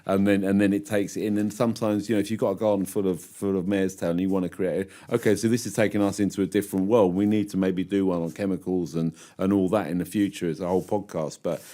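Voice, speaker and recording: A man's voice: low voice, fairly even intonation, fast, few pauses, dark tone. A man co-hosting a gardening podcast, talking in a thoughtful, rambling way and repeating words. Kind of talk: casual chat.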